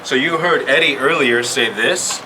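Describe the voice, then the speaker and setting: A man's voice: mid-range voice, measured pace. Patient man teaching a group, room hum. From Yakima Valley, Washington. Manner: patient, asks the group questions and spells words out letter by letter. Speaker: language presenter. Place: indoor room at a public museum event.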